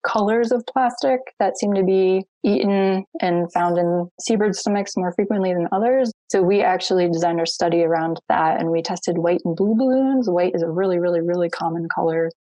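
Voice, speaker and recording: Mellow-voiced young researcher woman. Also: on the low side, no room sound, low-quality recording. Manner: measured, explanatory. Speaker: marine researcher guest. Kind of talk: casual podcast interview.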